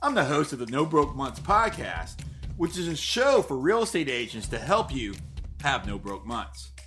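A man's voice: medium pitch, sing-song, normal speed, fairly bright tone, soft background music. A man coaching real estate agents, who acts out sample sales lines and laughs at his own examples.

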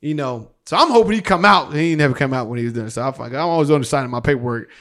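A man, an actor, telling a story in casual, slangy talk, animated and swearing freely. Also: medium pitch, racing. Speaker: actor guest.

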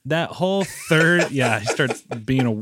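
A man co-hosting a casual movie review podcast, rambling and animated, jumping into high-pitched mock reactions. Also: measured pace, heavy background noise. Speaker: podcast co-host.

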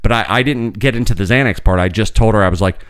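A man's voice: on the low side, quick pace, fairly bright tone, smooth. A man on a podcast telling a long, rambling story with lots of restarts and swearing, acting out the people in it. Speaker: podcast co-host. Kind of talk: casual storytelling chat.

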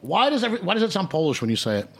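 Man, show host, wisecracking and playful, somewhat high voice. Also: very animated, a bit bright. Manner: joking, playful, quick with teasing quips. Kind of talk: casual comedic banter. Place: restaurant in front of a live audience.

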